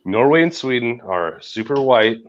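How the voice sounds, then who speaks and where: A man's voice: medium pitch, expressive, moderate pace, dull audio. A man chatting on a live stream, blunt, sarcastic and opinionated. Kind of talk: casual live stream chat.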